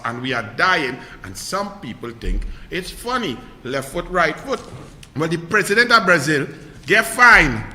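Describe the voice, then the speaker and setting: A man's voice: high voice, pushed and bright. A man with a Trinidadian accent giving heated political commentary in a fiery, ranting, sarcastic way. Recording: echoey hall with long reverb.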